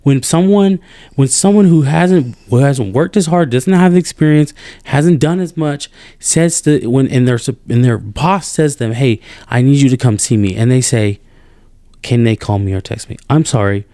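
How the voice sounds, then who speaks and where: A man in a casual podcast chat, venting with exasperation and rising to high incredulous outbursts. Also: normal speed, no echo, clean studio sound. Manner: animated and exasperated, voice jumps up when incredulous. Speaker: podcast co-host.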